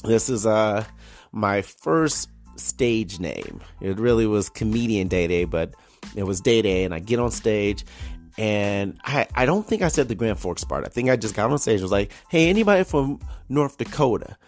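Podcast guy, lowish voice, rambling funny story, laughs a lot, faint music behind. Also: moderate pace. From United States. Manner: animated, laughs often, many restarts. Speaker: podcast host. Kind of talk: casual storytelling monologue.

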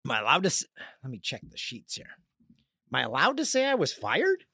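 A man in his forties with a gravelly, creaky voice, rambling openly through a casual podcast monologue. His pitch sits in a middle range, and the sound is dry and close. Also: wildly swooping pitch, a little fast, sharp tone, no echo. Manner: rambling and candid. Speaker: podcast host.

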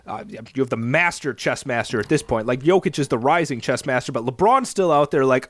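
A man co-hosting a casual basketball podcast, talking in an animated, dramatic way as he builds up his points. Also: on the high side, brisk, few pauses, dry recording. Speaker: podcast co-host.

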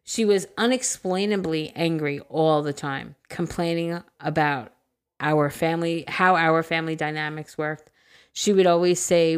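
A woman with a low-pitched voice reads a listener's story aloud on a casual podcast. She keeps it loose and animated, tossing in crude jokes and laughing as she goes. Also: unhurried, clear, resonant tone. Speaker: podcast co-host reading listener stories.

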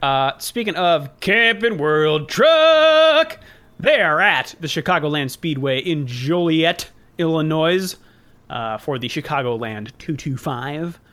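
A man's voice: fairly high pitch, very animated, slow, fairly bright tone. A man co-hosting a casual motorsport podcast, reading out race listings and tripping over foreign place names. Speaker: podcast co-host.

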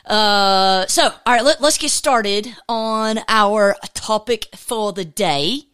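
A woman's voice: medium pitch, takes it slowly, fairly bright tone, clean tone. A woman hosting a casual faith podcast, upbeat and chatty, rambling with many restarts. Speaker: podcast host.

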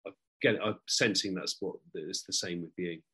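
Male guest, lowish voice, thoughtful and halting, casual chat. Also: sharp tone, breathy edge. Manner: reflective, hesitant, many restarts. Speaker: podcast guest. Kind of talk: casual conversation.

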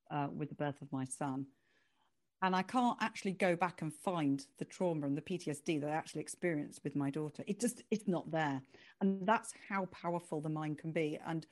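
Animated woman, lowish voice. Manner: animated, expressive, laughs easily. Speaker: author guest. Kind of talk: conversational interview.

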